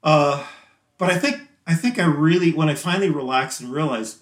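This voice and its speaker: A man talking as a guest musician in a casual interview, rambling and chatty and quick to laugh. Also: a little high. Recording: roomy echo.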